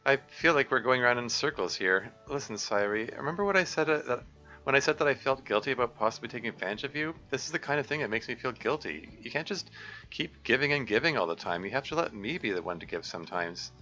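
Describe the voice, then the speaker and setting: A man voicing a caring, earnest teenage girl, club president, speaking in a gentle, pleading, concerned way. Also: mid-range voice, lively intonation, fast, highs cut off, soft background music, voice pushed up.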